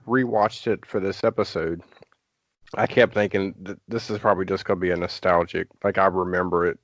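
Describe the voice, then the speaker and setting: A man with a very low voice talks loosely as a guest on a podcast. He piles up fillers and starts his sentences over. The sound is close and dry, but dull and lo-fi. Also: no echo. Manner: rambling, many fillers and restarts. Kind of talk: casual podcast chat.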